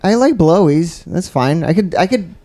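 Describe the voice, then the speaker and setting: A man's voice: high-pitched, expressive, normal speed, warm tone. A man co-hosting a casual comedy podcast, making crude, playful jokes. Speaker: podcast co-host.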